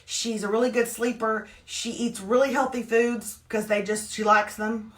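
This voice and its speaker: A woman, co-hosting a live morning show in animated, playful casual chat. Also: a little high. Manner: animated, playful, quick asides.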